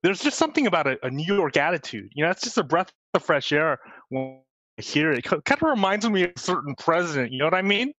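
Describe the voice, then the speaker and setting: Brief: male host, chatty and upbeat, slightly high voice, dry close mic. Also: very animated, fast, pushed and bright, dry recording, rough recording. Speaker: interview host. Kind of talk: casual interview chat.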